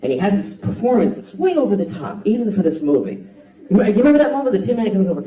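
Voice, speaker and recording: Male stand-up comic, blunt and profane, animated, high and lively, echoey hall, distant mic, audience laughter. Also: very fast. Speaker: stand-up comedian. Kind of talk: stand-up comedy routine. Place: theater stage before a live audience.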